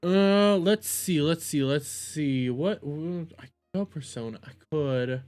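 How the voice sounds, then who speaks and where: Slow, rambling streamer talking to chat. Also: mid-range voice, darkish tone, no echo, soft background music. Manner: rambling, repeats and stammers, laughs often. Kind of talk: live stream reaction chat.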